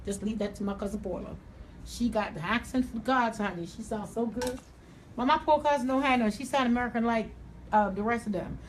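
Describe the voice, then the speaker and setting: Sassy Jamaican woman stylist, high voice. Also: fairly quick, slight background noise, rough recording. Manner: sassy, calls listeners honey. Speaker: hairstylist host. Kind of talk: chatty live-stream hair tutorial.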